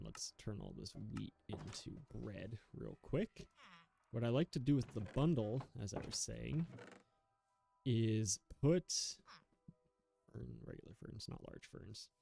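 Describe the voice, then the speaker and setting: A man's voice: lowish voice, expressive, unhurried, gravelly, mellow, a little hiss or hum. A young man giving rambling, self-mocking commentary while playing a video game, chuckling often. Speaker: gaming YouTuber. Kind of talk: casual gameplay commentary.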